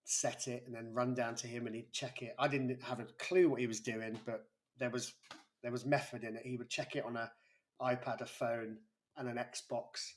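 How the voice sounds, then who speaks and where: A man in his forties, a guest on an interview, telling a personal story in a halting way with many restarts. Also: medium pitch, flat delivery. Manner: halting, with frequent restarts and a breaking voice. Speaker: interview guest, YouTuber and school pastoral lead.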